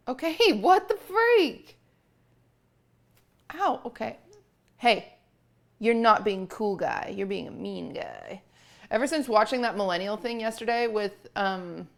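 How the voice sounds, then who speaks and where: A woman's voice: mid-range voice, creaky. A young woman streaming from her home kitchen, chatting casually with viewers and cooing at her cat between remarks. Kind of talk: casual live-stream chat.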